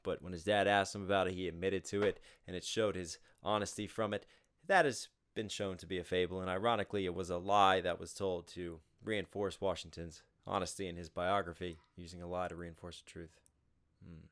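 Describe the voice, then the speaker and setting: A man from the United States, a rapper giving casual, animated reaction commentary and swearing freely. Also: sits low, brisk.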